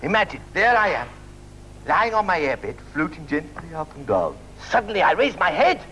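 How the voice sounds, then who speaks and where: A man's voice: on the high side, very animated, moderate pace, pushed and bright, a little hiss or hum. A man voicing a cheeky male fox puppet who puns and laughs at his own jokes in a TV safety film. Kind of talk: 1990s TV public information film.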